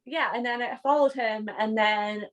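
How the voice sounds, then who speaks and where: A woman guest on a podcast in casual chat, animated, laughing often and swearing casually. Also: a little high, normal speed, dull audio, a crowd in the background.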